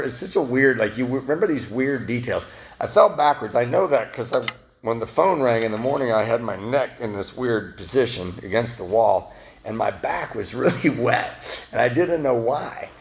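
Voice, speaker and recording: Male speaker at a recovery meeting, gravelly voice, lively wide-ranging delivery, self-deprecating humor. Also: a little hiss or hum. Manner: self-mocking storyteller, laughing at his own past; swings between loud animated bits and low quiet confession. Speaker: speaker sharing his recovery story. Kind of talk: personal testimony at a recovery meeting.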